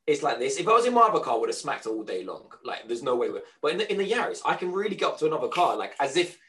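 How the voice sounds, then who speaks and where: A man on a casual podcast, telling an animated anecdote at speed, stumbling over restarts. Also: a little high, racing. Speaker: podcast co-host. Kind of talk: casual storytelling chat.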